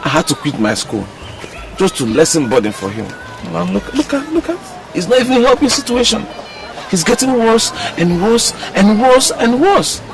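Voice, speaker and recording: A man's voice: medium pitch, expressive, brisk, far from the mic, natural voice. An actor with a Nigerian accent playing a troubled young man who left school for his sick father, stammering as he talks. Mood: despairing. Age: young adult. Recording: voice from off the mic. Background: music.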